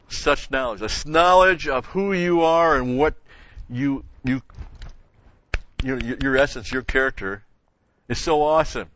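A man's voice: mid-range voice, measured pace, long pauses, fairly bright tone, dry recording. Man teaching a sermon, dry dull recording. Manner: explains verses step by step, rising in emphasis on key words. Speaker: Bible teacher. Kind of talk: expository sermon.

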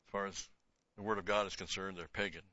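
A man's voice: low-pitched, fairly even intonation, fast, pushed and bright, no echo, muffled recording. A man teaching the Bible verse by verse. He reads passages aloud with rising emphasis, then explains them in a casual, conversational aside.

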